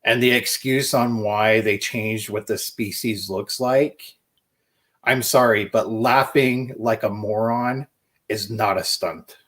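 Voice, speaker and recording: A man's voice: lowish voice, steady tone, takes it slowly, fairly bright tone. A man giving blunt, opinionated takes in a casual chat as a co-host.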